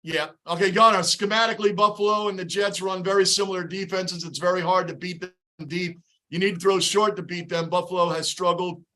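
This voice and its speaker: A man hosting a fan livestream, calling plays and ranting at his team in frustrated, shouted commentary. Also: high voice, fairly even intonation, brisk. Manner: frustrated, shouting play-by-play and rants. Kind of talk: live fan reaction commentary.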